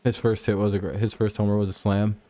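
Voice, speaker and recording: Man, live-stream host, casual chatty game commentary, fairly low voice. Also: flat delivery, fast, mellow. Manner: chatty, replies to chat while calling pitches.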